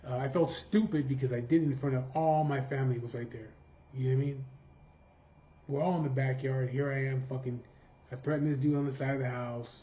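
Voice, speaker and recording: Fairly quick and mellow, with a steady mid-range tone, a man shares a personal story in blunt, casual, swearing-heavy fashion, acting out the people he quotes. It's a dull, slightly noisy recording.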